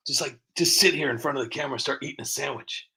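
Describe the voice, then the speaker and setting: A man's voice: mid-range voice, racing, creaky, bright, forceful tone, slightly rough. A man hosting a live stream who rambles in a casual, sarcastic, self-mocking way between clips. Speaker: streamer host.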